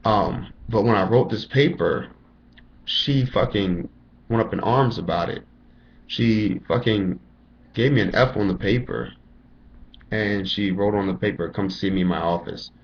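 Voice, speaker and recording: Young man, lowish voice, profane rambling storyteller, muffled lo-fi webcam sound. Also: unhurried, pauses often, a little hiss or hum. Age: young adult. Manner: profane, rambling, lots of "you know" fillers. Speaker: college student telling his story. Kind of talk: casual storytelling rant. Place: indoors at home, dim room.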